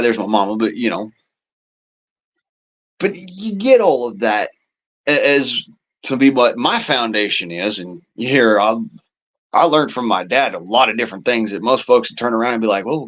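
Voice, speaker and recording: A man's voice: mid-range voice, expressive, moderate pace, a bit bright, highs cut off. A man hosting a casual political monologue, talking in a rambling, profane way with folksy turns of phrase. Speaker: show host.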